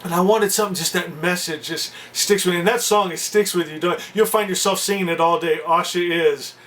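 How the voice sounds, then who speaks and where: A man's voice: sits high, steady tone, brisk, fairly bright tone, far from the mic, a little hiss or hum. A man hosting his channel, telling a heartfelt spiritual testimony in an effusive way and keeping on addressing the audience as his friends. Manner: effusive, keeps saying "my friends". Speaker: channel host.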